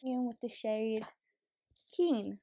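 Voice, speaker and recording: A woman's voice: a little high, takes it slowly, mellow, no room sound. A woman chatting casually as a beauty vlogger while doing her makeup, full of fillers and easy swearing. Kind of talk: casual get-ready-with-me chat.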